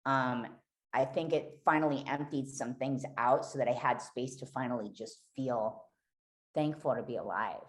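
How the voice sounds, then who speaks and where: A woman's voice: a bass voice, normal speed. A woman guest on a podcast, candidly telling a raw, emotional personal story and swearing freely.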